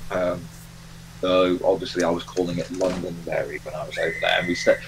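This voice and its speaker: A man's voice: sits low, monotone, fairly quick, slight background noise, poor audio. A man hosting a live game stream, chatting casually and rambling with lots of fillers and restarts. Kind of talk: casual chat while playing a train game.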